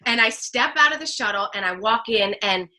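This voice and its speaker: A woman from New Jersey, a guest telling an animated personal story, laughing often and acting out what people said. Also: medium pitch, fairly quick. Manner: expressive, laughs often, acts out quotes. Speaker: guest, speaker.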